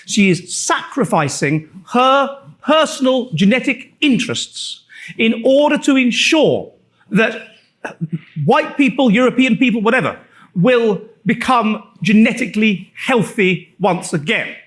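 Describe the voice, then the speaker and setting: Brief: high-pitched Englishman lecturing, sardonic, halting with restarts. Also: animated, a bit bright. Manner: sardonic, with frequent restarts and fillers. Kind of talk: public lecture. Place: lecture room.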